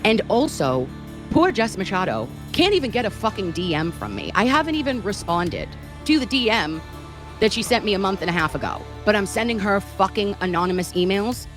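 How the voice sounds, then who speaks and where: A woman's voice: medium pitch, big pitch swings, brisk, over music. A woman commentator ranting in a mocking, sarcastic and profane way. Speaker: online commentator. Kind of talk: sarcastic vlog rant.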